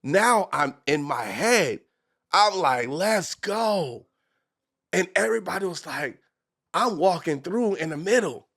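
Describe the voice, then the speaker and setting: Brief: excitable male talk show host, fairly high and lively, acts out every quote. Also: takes it slowly, creaky. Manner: excitable, acts out quotes with big swings from whispers to shouts; speaks some Spanish and English. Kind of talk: animated storytelling in casual chat.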